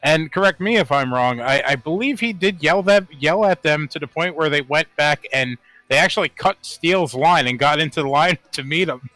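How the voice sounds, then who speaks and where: A man co-hosting a podcast, recounting anecdotes in casual, animated chat full of "like" fillers. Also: on the high side, normal speed, no room sound. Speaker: podcast co-host.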